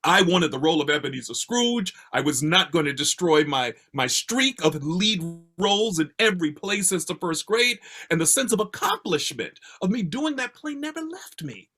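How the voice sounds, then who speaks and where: Older guy telling a story on a video call, kinda husky, voice leaps up and down a lot. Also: moderate pace, few pauses. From Baltimore. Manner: expressive, theatrical delivery with swings in pitch and pace. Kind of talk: personal storytelling.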